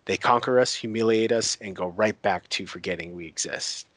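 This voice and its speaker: A man voicing a proud young woman claiming a sea throne, in his own low voice. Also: normal speed, a bit bright, no echo.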